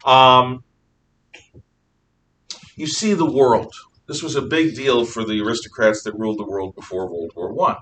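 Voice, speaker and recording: A man teaching a history class, telling the story in an animated way with jokes, asides and restarts. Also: mid-range voice, unhurried, pauses often. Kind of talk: classroom lecture. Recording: distant mic, faint background noise.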